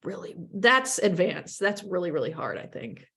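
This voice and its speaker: A woman radio journalist with an upper Midwestern accent, answering interview questions in a chatty, animated way with quick bursts and self-corrections. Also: on the low side, gravelly, slight background noise. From upper Midwest of the United States.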